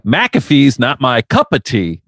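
A man's voice: mid-range voice, wildly swooping pitch, measured pace, creaky, a bit bright, breathy edge, dry recording, clean studio sound. A man co-hosting a podcast, riffing with sarcasm and plenty of swearing. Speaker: podcast co-host. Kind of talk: casual chat.

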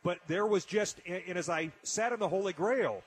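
A man's voice: sits high, moderate pace. A man hosting a casual radio talk show, telling an emotional story with frequent restarts. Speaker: radio host.

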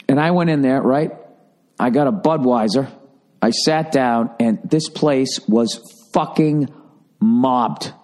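A man's voice: medium pitch, lively intonation, measured pace, a little mellow. Profane rambling comedian, man. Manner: profane, blunt, wandering asides. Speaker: comedian podcast host. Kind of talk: casual rambling monologue.

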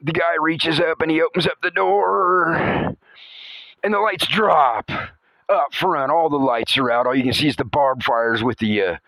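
Guy telling a goofy horror story, keeps chuckling, slightly high voice, super dry mic. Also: normal speed, no echo, low-quality recording. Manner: chuckles through his telling, animated and playful. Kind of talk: comic horror story narration.

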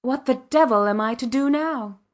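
A woman reading the lines of a proud, agitated husband who lectures his wife loudly and with authority. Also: medium pitch, lively intonation, moderate pace, lightly acted. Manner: indignant and authoritative, loud outbursts.

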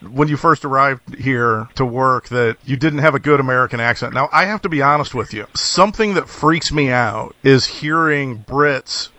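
A man's voice: mid-range voice, normal speed, few pauses, sharp tone. A man hosting a casual interview who asks long, winding, chatty questions. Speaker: interviewer host. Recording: dull, dry lo-fi recording.

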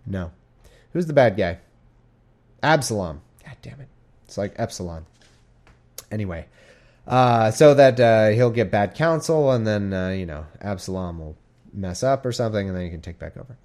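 Man, mid-pitch, reads Bible passages and riffs on them, irreverent, swears, loses his place. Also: animated, moderate pace, long pauses, darkish tone. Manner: rambling, irreverent, swears, stumbles over names. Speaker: reader and commentator. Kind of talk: casual Bible reading with commentary.

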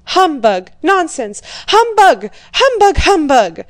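A woman voicing an irritable, domineering old male prince who shouts. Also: sits high, a little slow, no echo, pitched above the performer's own voice. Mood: gruff shouting. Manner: shouting, blunt, impatient.

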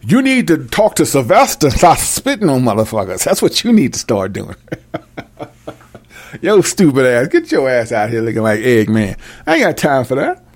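A man giving a freewheeling, profane Bible commentary, brash and mocking, swinging between loud outbursts and low mutters. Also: wildly swooping pitch, normal speed. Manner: brash, mocking and full of cursing. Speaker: self-styled preacher.

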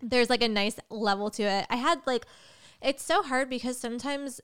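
A woman's voice: on the high side, moderate pace, fairly bright tone, clean tone. A woman in casual chat who keeps affirming and laughs along.

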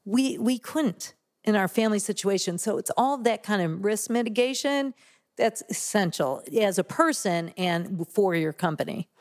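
A woman's voice: medium pitch, animated, moderate pace, darkish tone. A woman in her forties, an interview guest, talks in a candid, casual way and often laughs as she tells personal stories.

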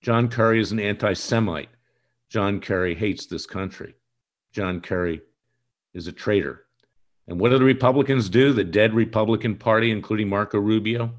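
A man with a very low voice delivers a political monologue straight to his audience. He sounds combative and accusatory, hammering his points with emphasis. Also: moderate pace. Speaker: political commentary host. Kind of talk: direct-to-camera political monologue.

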